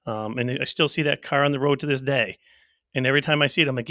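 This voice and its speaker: A man's voice: medium pitch, quick pace, pushed and bright, dry recording. A middle-aged man speaks in a mid-range voice as a podcast co-host. He is reflective and pokes fun at himself, laughing easily. The sound is dry and close. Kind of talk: casual podcast chat.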